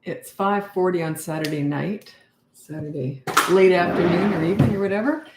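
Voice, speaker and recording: A woman's voice: on the low side, moderate pace, roomy sound, heavy background noise. An older woman, a parenting coach, chatting casually on a livestream and greeting viewers by name as she reads their comments. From Canada.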